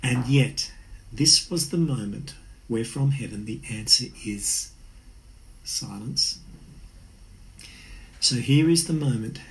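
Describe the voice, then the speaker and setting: A man's voice: mid-range voice, slow pace, vocal fry, pauses often, rough recording. A man preaching an earnest, conversational sermon. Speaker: pastor.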